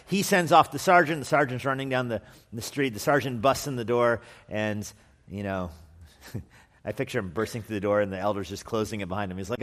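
A male pastor preaching a sermon in a conversational, animated way, acting out the people in the story. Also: medium pitch, normal speed, big-room sound.

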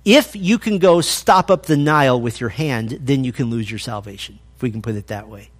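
A man preaching a sermon, animated in his storytelling and acting out the voices he quotes. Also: medium pitch, normal speed. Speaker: pastor.

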